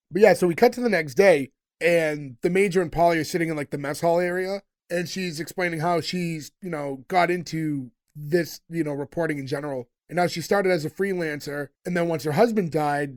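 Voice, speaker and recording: Male podcast co-host, relaxed rambling recap, slightly high voice, dry sound. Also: dry recording. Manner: rambling storyteller, laid-back. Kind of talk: casual chat recapping a sitcom.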